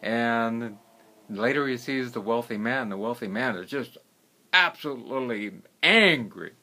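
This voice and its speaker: A herbalist telling stories in a casual, unhurried way, often trailing off into quieter phrases. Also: male voice, medium pitch, fairly even intonation. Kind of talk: casual storytelling.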